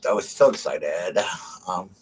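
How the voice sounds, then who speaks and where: A man's voice: low voice, expressive, unhurried, husky, low-quality recording. A man chatting casually and gushingly to his live stream viewers, full of fillers. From Southern United States. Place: home at night by candlelight.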